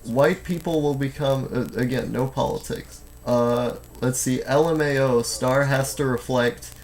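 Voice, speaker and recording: A man's voice: medium pitch, measured pace. A man in his twenties chatting casually on a live stream from home, reading chat aloud and rambling with lots of fillers and restarts. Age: 20s.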